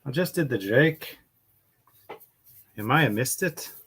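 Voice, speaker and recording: A man chatting away on a casual painting livestream, his voice sitting at a middling pitch. He rambles from topic to topic and calls out to viewers by name as he works. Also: animated, takes it slowly, fairly bright tone, slightly rough. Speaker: livestream host painting miniatures.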